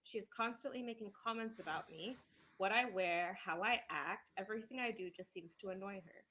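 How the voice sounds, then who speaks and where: A young woman co-hosts a casual podcast and reads a story aloud with lively, animated delivery. Her voice sits at a middle pitch. The recording has clear background noise. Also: fairly quick, rough recording. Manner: animated reader with laughs. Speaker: podcast co-host.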